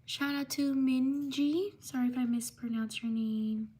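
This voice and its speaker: Woman, live stream host, high voice, slow unhurried delivery, name shout-outs. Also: steady tone, husky. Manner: slow, drawn-out name reading with quick apologies.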